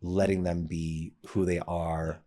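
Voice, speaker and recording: Very deep-voiced man, earnest and reflective. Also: little pitch movement, takes it slowly, dark tone. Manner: reflective, earnest, with many restarts and fillers. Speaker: podcast guest. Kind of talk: casual conversation.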